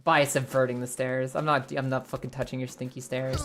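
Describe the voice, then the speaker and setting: A young woman with a slightly low voice narrates her own gameplay live, chatting to viewers and swearing freely. Her talk is loose and conversational. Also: expressive, fairly quick, few pauses, fairly bright tone, slight background noise. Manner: chatty, swears, talks to her chat while playing. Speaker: streamer.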